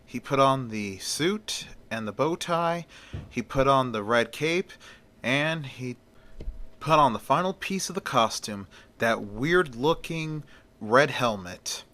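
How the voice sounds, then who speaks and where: A man's voice: mid-range voice, animated, slow pace, sharp tone. Folksy male storyteller. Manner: folksy, often opens with "well". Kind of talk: casual amateur storytelling.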